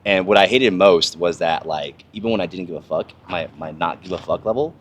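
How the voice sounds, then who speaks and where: A man's voice: low voice, fairly quick, muffled recording, a little hiss or hum. A young man, a former soldier, talking casually and profanely on a podcast, rambling through stories with lots of fillers. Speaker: podcast host, army veteran. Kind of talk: casual conversation.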